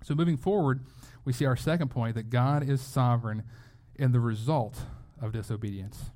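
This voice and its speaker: Pastor type, man, easygoing sermon delivery, stumbles and repeats words, mid-pitched. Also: normal speed, a little mellow. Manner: conversational, with frequent word repeats.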